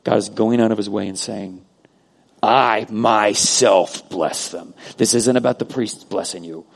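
A man preaching a sermon as pastor, earnest, moving between loud emphasis and hushed prayer. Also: lowish voice, brisk, gravelly. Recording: long hall reverb.

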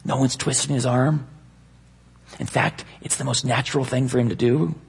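A man preaching a sermon to a live congregation, with an emphatic, slow, dramatic delivery. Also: medium pitch, steady tone, gravelly, husky.

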